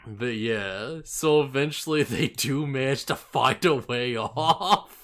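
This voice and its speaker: Slow-talking laid-back man recapping anime. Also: mid-range voice. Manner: laughs often, filler-heavy, animated retelling. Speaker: podcast co-host. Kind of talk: casual anime recap chat.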